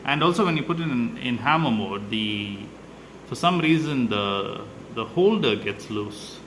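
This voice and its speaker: Man, mid-pitch, hesitant DIY vlogger narrating as he works, noisy home recording. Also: lively intonation, unhurried, fairly bright tone. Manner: hesitant, many "uh" fillers, explains step by step. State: slightly out of breath. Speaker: DIY video maker. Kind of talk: casual how-to narration while working.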